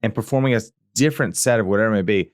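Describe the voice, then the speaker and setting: A man co-hosting a podcast, telling stories in a casual, animated way. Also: fairly low pitch, racing, dry recording, clean studio sound. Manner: animated anecdote-telling with sound effects and acted quotes. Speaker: podcast co-host. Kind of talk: casual chat, storytelling.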